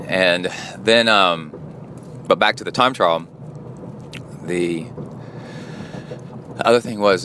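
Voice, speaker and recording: A man's voice: deep voice, fairly bright tone, slight background noise. A man who coaches triathlon and hosts a podcast, talking in a rambling, chatty way. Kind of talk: casual spoken monologue.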